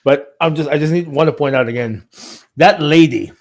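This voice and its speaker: A man's voice: fairly high pitch, normal speed. Crude, stammering man co-hosting. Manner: interjecting, crude, stammering restarts. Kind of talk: casual political chat.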